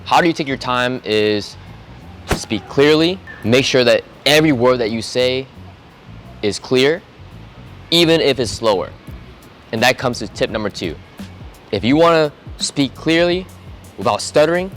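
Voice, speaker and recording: A young man talking straight to camera in a casual advice vlog, relaxed and conversational, acting out short example dialogues. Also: mid-range voice. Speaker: vlogger giving self-improvement tips.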